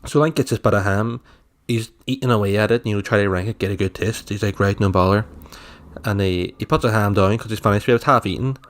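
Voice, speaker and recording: A man's voice: lowish voice, quick pace. A man, co-hosting a podcast in casual chat, joking and laughing as he tells stories. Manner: jokey storyteller, laughs often. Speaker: podcast co-host.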